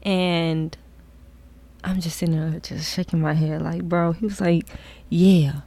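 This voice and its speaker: Young woman, casual storytelling, candid, animated, soft whispered asides. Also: lowish voice, unhurried.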